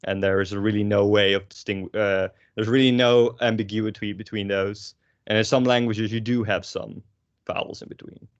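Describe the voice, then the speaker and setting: A young Dutch man with a Dutch accent, teaching pronunciation in a relaxed, rambling way with casual swearing and lots of fillers. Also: on the low side, normal speed, no echo, highs cut off. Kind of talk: casual language lesson.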